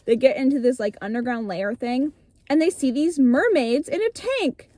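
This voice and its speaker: Young adult woman, high-ish voice, animated casual storyteller with a loose swearing streak. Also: moderate pace, no room sound. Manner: animated, breezy, swears freely, acts out lines. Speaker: vlogger retelling her childhood story.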